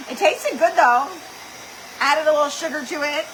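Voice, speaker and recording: A woman's voice: high voice, background noise. A woman hosting a craft livestream, chatting animatedly and dramatically, full of "like"s. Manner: animated, dramatic storytelling with lots of "like". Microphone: computer or camera mic for a live stream.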